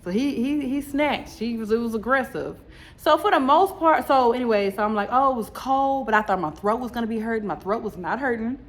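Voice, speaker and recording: A woman telling her story in a chatty, animated home vlog, talking straight to her viewers. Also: on the high side, a little fast. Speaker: vlogger. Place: home, indoors.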